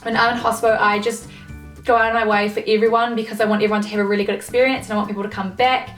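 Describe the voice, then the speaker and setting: A woman's voice: medium pitch, flat delivery, racing, a bit bright, soft background music. A young woman, ranting casually to camera, swearing often and leaning on fillers. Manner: swears a lot, filler-heavy, exasperated. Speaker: vlogger. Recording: echoey room, mic at a distance.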